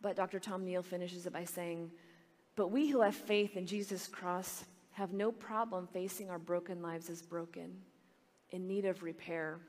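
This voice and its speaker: A religious sister giving a talk, telling stories with animation and acting out the voices of children. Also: female voice, on the low side, steady tone, normal speed, darkish tone, big-room sound. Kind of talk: storytelling talk to a retreat audience.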